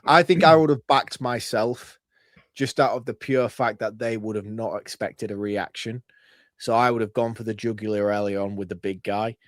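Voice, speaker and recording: Measured British man, dry close sound. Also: on the low side, fairly even intonation, dry recording. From Britain. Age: middle-aged. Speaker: podcast co-host. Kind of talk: casual chat.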